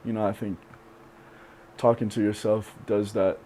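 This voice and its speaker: This is a young man opening up in a podcast interview. His voice sits low and mellow, and he pauses often with fillers as he thinks things through. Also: flat delivery, a little hiss or hum. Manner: reflective, halting with many fillers. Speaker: podcast guest. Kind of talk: candid interview talk.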